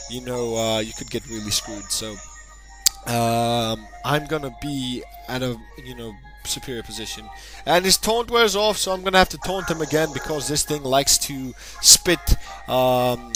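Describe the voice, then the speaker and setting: A man narrating a game battle in a casual, rambling way, cracking jokes and breaking into excited bursts now and then. His voice sits at an ordinary middle pitch. Background music plays clearly behind him. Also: rough recording. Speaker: gaming channel host. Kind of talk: casual battle commentary over gameplay.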